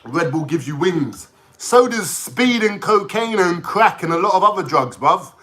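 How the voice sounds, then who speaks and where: Excitable man, higher voice. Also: a little slow. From London. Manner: swearing, ranting, excitable. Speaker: livestreamer. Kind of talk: casual livestream rant.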